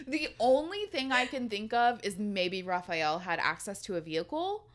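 Lively swearing woman podcast host. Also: medium pitch, normal speed. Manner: lively, swears, laughs often. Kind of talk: casual podcast chat.

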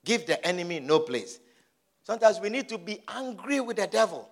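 High-voiced man preaching emphatically. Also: sing-song, fairly quick. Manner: emphatic, repetitive exhortation. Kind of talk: sermon.

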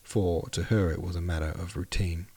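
A man's voice: deep voice, fairly even intonation, moderate pace, dark tone, breathy edge. A man narrating a classic novel aloud on his podcast, plainly and evenly, stopping to correct his own slips. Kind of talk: audiobook narration.

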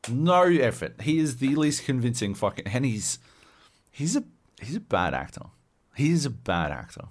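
A man's voice: medium pitch, moderate pace. A man co-hosting a casual podcast, ranting loosely and swearing a lot. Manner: profane, animated ranting. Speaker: podcast co-host.

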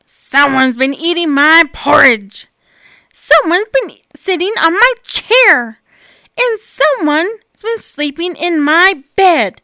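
A woman's voice: extremely high pitch, sing-song, slow pace, pushed and bright, no echo, clean studio sound, pitched above the performer's own voice, heavily acted. Woman putting on a whiny little bear cub. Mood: grumpy. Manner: wailing, complaining. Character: small whiny boy bear cub, easily upset.

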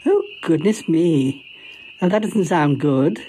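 A gushing, affectionate older lady rings up for news, her voice lilting high and swooping about, as a man does the voice. She is fussy and sweet, calling everyone darling, over a faint hiss. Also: expressive, slow, mellow.

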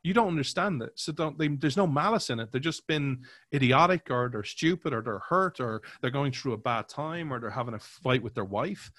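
Male podcast co-host, animated casual talker, mid pitch, dry booth. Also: moderate pace, hardly any pauses, no room sound. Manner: animated, acts out quoted voices, many fillers. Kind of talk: casual conversational commentary.

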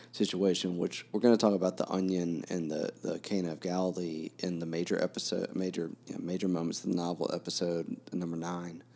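Deep male co-host, casual book talk, reflective and groping for words. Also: a little mellow. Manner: thoughtful, searching for words.

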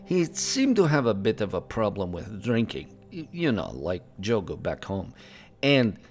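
A man's voice: lowish voice, huge pitch swings, measured pace, faint music behind, full character voice. A man voicing a married middle-aged male Draenei traveler who speaks broken English and drops his articles, in an in-character tavern review podcast. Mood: plain. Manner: plain, matter-of-fact, teasing.

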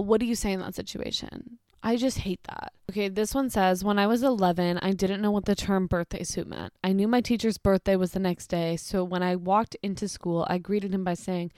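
A woman's voice: medium pitch, animated, normal speed, a little mellow, no echo, studio quality. A young woman chatting casually as she reads out embarrassing stories, blunt and incredulous, swearing freely. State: pregnant. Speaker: storytime creator. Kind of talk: casual chat reading stories aloud.

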